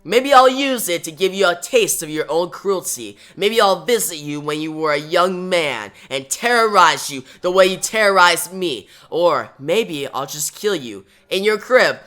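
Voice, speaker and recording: A man's voice: high voice, animated, unhurried, hardly any pauses, bright, forceful tone, exaggerated voice. A man reading the lines of a young male speedster hero from a comic, in nearly his own voice. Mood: defiant.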